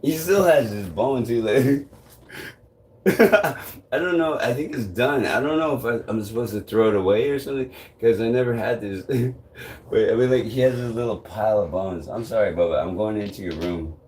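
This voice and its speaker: A man's voice: medium pitch, a little mellow, slight background noise. A young man talking on a live stream in a loose, rambling way, full of fillers and swearing. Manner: rambling, halting, swears often, many fillers.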